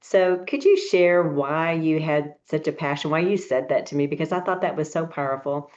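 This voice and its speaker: Podcast host, woman, low voice, warm and affirming, slightly dull sound. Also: animated, moderate pace. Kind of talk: interview host.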